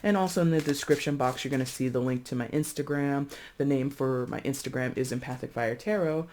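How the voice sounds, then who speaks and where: A tarot reader in a casual, chatty reading to camera, expressive and full of fillers and restarts, calling viewers friends. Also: mid-range voice, fairly quick. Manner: breezy, addresses viewers as friends.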